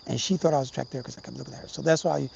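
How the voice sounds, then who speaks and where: A man's voice: mid-range voice, very fast, gravelly, darkish tone. A middle-aged man talking casually and profanely to his viewers, rambling and calling them brothers. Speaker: livestream host. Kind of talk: casual livestream talk. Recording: slightly dull, faint background hiss.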